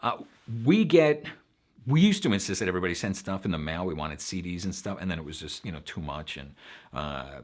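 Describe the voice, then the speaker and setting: Frank, low-voiced host with a faint Long Island accent. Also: male voice, animated, fairly quick. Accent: slight Long Island New York. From Long Island, New York. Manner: frank, conversational, many fillers. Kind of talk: casual advice talk.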